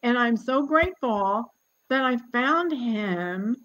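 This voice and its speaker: A woman in her sixties, a genealogist guest, telling family stories in a lively, chatty way and laughing often. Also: on the high side, takes it slowly, muffled recording. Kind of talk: casual storytelling conversation.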